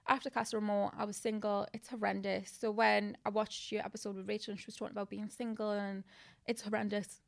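A woman's voice: mid-range voice, fast talker, creaky. A young woman, chatting casually as a podcast guest and telling stories animatedly. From England. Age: 20s. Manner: animated storytelling, lots of "like".

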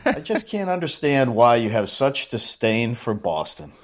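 A man leaves a recorded message for a podcast, roasting the host with a deadpan delivery. He lists mock charges in an even, steady voice. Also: mid-range voice, measured pace. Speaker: listener caller.

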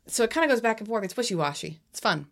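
A woman's voice: fairly high pitch, big pitch swings, fast talker, no echo. A tired woman co-hosting a podcast, chatting casually and then telling a history story from her notes. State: tired, half asleep. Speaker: podcast co-host. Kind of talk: casual chat and read-out history.

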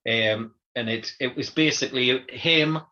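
One co-host of a casual podcast tells animated stories and acts out the voices he quotes. He speaks unhurriedly in a medium pitch with a bright, forceful tone, and the recording sounds dull and lo-fi.

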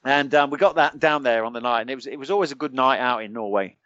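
British man, middle-aged, colloquial storyteller, animated, mid pitch, dry close sound. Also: fast talker, dry recording. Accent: British English. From United Kingdom. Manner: animated, colloquial, acts out other people's lines. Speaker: podcast guest, former special forces soldier. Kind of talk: anecdotal storytelling. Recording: dry, slightly dull sound.

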